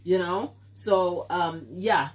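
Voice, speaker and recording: A woman's voice: on the low side, takes it slowly. A woman with a stuffy nose hosting a live baking stream from her kitchen, chatting casually with viewers and laughing often. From Africa. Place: home kitchen.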